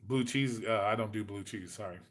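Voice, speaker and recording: A man's voice: lowish voice, fairly quick, fairly bright tone. Male host, forties, casual, foul-mouthed, rambling chat delivery. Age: 40s. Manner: profane, rambling storyteller.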